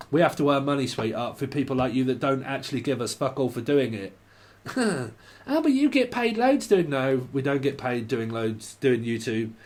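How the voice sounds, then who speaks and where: A man's voice: medium pitch, a little mellow. A man giving a casual, rambling tarot reading, often swearing and laughing. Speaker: tarot reader.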